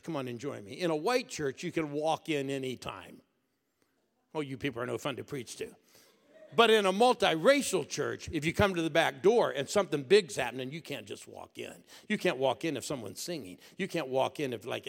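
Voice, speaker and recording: An older man preaching a storytelling sermon to a congregation in a church, animated and building to excited shouts. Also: mid-range voice, creaky. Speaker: pastor. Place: church auditorium. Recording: echoey church hall.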